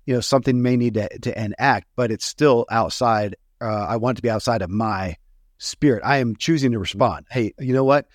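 A man's voice: on the low side, brisk, no echo. A man hosting a podcast, speaking earnestly and reflectively, thinking aloud with frequent restarts. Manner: earnest, searching, talks through thoughts with restarts. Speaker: podcast host.

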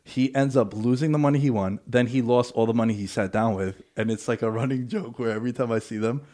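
A man's voice: medium pitch, fast, mellow. A man co-hosting a casual chat, telling stories in a laid-back, drawling way. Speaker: podcast co-host.

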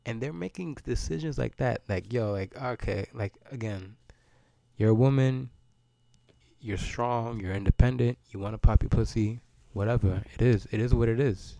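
A man's voice: medium pitch, moderate pace, vocal fry, dark tone, no room sound. A man, hosting a solo podcast and ranting in a loose, profane, rambling way, often repeating words as he goes. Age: 30s. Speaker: podcast host.

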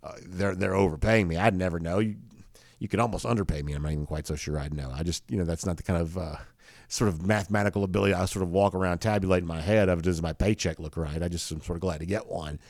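A man's voice: low-pitched, steady tone, quick pace, a little mellow, no room sound, studio quality. A man hosting a daily college football talk show, rambling casually with many fillers and restarts. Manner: rambling, self-correcting, with frequent fillers. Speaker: sports show host.

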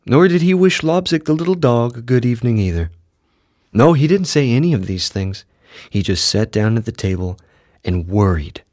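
A man narrating a children's story in a gentle, expressive read-aloud manner. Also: mid-range voice, no echo, clean studio sound.

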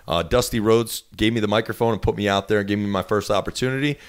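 A man in his thirties with a New Jersey accent, telling a lively story as an interview guest and acting out the quotes. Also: fast, clean tone. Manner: animated, acts out quotes with big pitch jumps.

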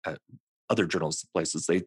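Deep husky man talking politics. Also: steady tone, fairly quick, dry recording, studio quality. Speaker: communications expert guest. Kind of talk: casual political discussion.

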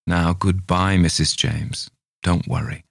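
A man voicing a brisk, reassuring family doctor in a spoken ghost story. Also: sits low, steady tone, gravelly, no echo, studio quality, full character voice.

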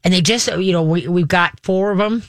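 A woman's voice: lowish voice, brisk, no room sound, studio quality. Folksy, chatty woman radio host. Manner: folksy and chatty, with lots of fillers and homey sound effects. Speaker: radio call-in show host. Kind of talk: casual call-in radio talk.

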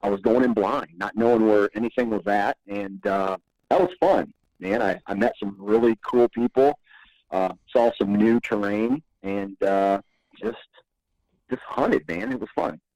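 A man's voice: fairly low pitch, unhurried, vocal fry, a little mellow, no echo, low-quality recording. A man guesting on a podcast, telling stories in a laid-back, rambling way and chuckling often. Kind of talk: casual podcast storytelling.

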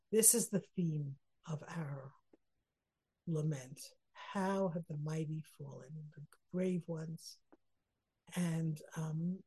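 Earnest woman teaching a text, mellow and husky. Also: low-pitched, rough recording. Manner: earnest, reflective, emotional about the text; mixes Hebrew phrases into English teaching. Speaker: Torah teacher. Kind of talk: text study lesson.

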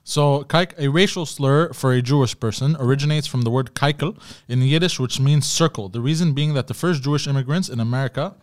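A man with an average-pitched voice, reading a short passage aloud on a casual podcast. His delivery is flat and offhand. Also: fairly quick, few pauses.

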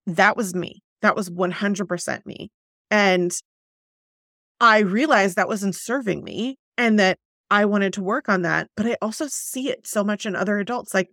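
Chatty woman host, lots of vocal fry, dry close mic. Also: mid-range voice, a bit bright, no room sound. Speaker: podcast host. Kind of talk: conversational podcast interview.

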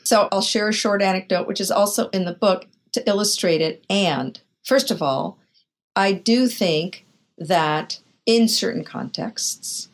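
An older woman, a podcast guest and author, telling frank, vivid anecdotes in an interview. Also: medium pitch. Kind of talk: candid interview storytelling.

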